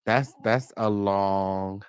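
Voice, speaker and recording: Male interviewer, lowish voice, dry, short reactive questions. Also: steady tone, very slow, clean tone, no room sound.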